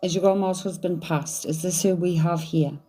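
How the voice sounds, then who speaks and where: A woman's voice: on the low side, fairly even intonation, normal speed, dark tone, faint music behind. A woman doing a psychic reading, thinking aloud in a hesitant, searching way. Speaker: psychic medium. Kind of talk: live medium reading.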